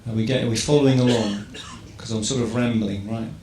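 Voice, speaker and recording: A man's voice: lowish voice, fairly even intonation, quick pace, warm tone. Man lecturing in an echoey hall. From England. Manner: conversational, rhetorical questions, keeps checking in with "right?". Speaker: public speaker. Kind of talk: informal lecture to a live audience. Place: event hall. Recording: echoey hall with faint ambience.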